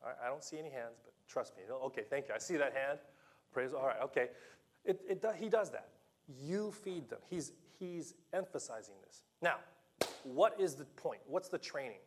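A man preaching a sermon to a congregation, animated and playful, acting out the dialogue of the scripture story with laughs and asides. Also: medium pitch, normal speed, slight background noise. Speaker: pastor.

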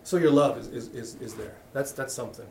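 A man's voice: mid-range voice, a little fast, vocal fry, mellow, a little hiss or hum. A middle-aged man preaching a sermon as pastor, talking candidly and conversationally, often restarting his sentences. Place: church hall. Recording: echoey room, voice from a distance.

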